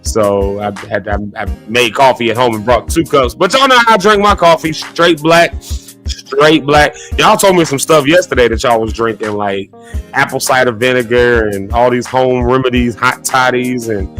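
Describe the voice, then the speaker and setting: A man hosting a live morning show from his office, chatting casually, reading viewer comments aloud and giving playful shout-outs. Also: medium pitch, normal speed, soft background music.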